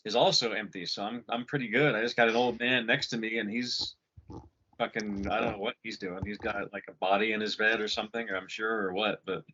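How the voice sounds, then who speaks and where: Brief: bright-voiced male podcast co-host, profane and animated, muffled call sound. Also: on the low side, brisk, a little hiss or hum. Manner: profane, animated storyteller acting out quotes. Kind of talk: casual chat, storytelling. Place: home condo.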